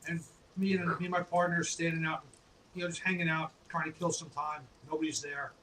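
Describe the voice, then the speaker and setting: A man from New York tells laid-back anecdotes on a podcast, and he laughs easily as he goes. His voice sits a little high for a man. He sounds set back from the mic, with a faint hiss behind him. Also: fairly quick. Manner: relaxed anecdotal storyteller, laughs often. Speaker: guest, apparel company owner. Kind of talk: casual podcast storytelling. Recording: distant mic with faint background noise.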